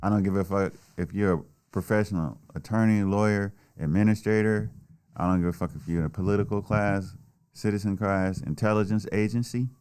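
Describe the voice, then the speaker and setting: Swearing often, a male political commentator delivers a heated, blunt solo rant about politics. The voice sits fairly low with a darkish, clean tone.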